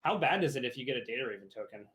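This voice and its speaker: A man's voice: medium pitch, expressive, racing, fairly bright tone. A man co-commentating a card game stream, asking questions and cracking dry jokes while complaining of the heat. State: overheated.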